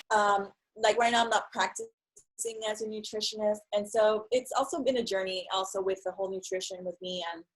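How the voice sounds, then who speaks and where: A young woman in casual conversation, telling her story in an animated way and acting out what others said. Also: mid-range voice, poor audio. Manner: animated storyteller, acts out quotes. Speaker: guest.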